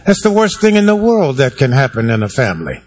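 A man's voice: medium pitch, huge pitch swings, fairly quick, a little mellow. A male pastor preaching a sermon to his congregation in a wry, conversational way, asking for amens and hands raised. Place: church sanctuary.

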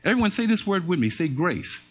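A man's voice: sits high, big pitch swings, a little fast. A man preaching to a church congregation in a sermon, drawing them into call-and-response by having them repeat phrases and answer his questions. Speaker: pastor.

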